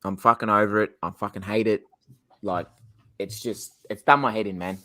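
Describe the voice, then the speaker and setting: A young Australian man with an Australian accent, chatting casually on a podcast, rambling, excitable and swearing a lot. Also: fairly low pitch, moderate pace. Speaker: podcast co-host. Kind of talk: casual chat.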